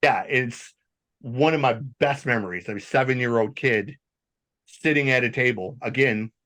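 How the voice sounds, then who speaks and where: A male podcast host with a mid-range voice, chatting casually and telling stories. He rambles, restarts and drops the odd swear word, animated throughout. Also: medium pitch, moderate pace. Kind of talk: casual storytelling chat.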